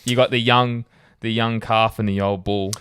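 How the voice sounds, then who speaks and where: A man's voice: lowish voice, steady tone, normal speed, a bit bright, clean tone, dry recording. A young man co-hosting a casual motorsport podcast, rambling with lots of "like" and "you know". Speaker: podcast co-host.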